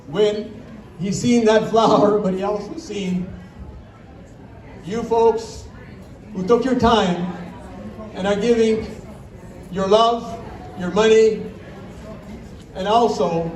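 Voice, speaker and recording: Slow-talking man reading scripture at a rally. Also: high voice, a little mellow, reverberant, recorded from a distance. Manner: slow, plainspoken, reads scripture. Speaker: rally speaker. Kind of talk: religious testimony at a rally.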